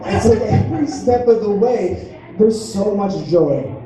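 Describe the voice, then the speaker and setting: A man's voice: high-pitched, animated, a little slow, crowd noise. A man doing a stand-up comedy set, rambling and self-mocking as he acts out little voices. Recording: echoey room picked up from a distance.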